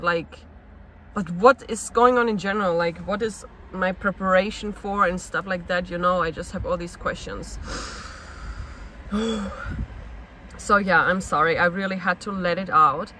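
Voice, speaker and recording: A woman speaks in a personal confessional vlog, her voice bright and sharp. She sounds restless and searching, piling one question on the next as she talks things through. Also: on the low side, a little hiss or hum, rough recording. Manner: searching, restless, asks herself many questions. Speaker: actress and vlogger.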